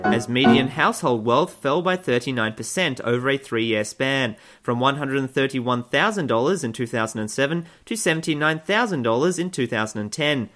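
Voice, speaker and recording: A man reading satirical news items in a mid-pitched voice. He moves from flat news delivery to sarcastic, mock-cheerful asides. His tone stays dry and wry. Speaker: comedy news host.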